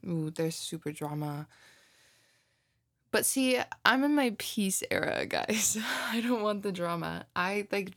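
Young woman, about twenty, casual rambling chat, animated storytelling, swears freely. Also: lowish voice. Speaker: audio creator chatting with listeners.

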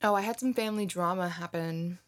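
A twenty-year-old woman chatting casually to her listeners, telling a story in an animated way and swearing freely. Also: fairly low pitch, fairly quick. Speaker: audio creator chatting with listeners. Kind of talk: casual rambling chat.

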